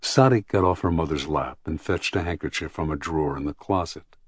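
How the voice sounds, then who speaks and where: A man narrating an audiobook in a measured, even storytelling manner, close to the mic. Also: extremely low pitch, breathy edge, no echo.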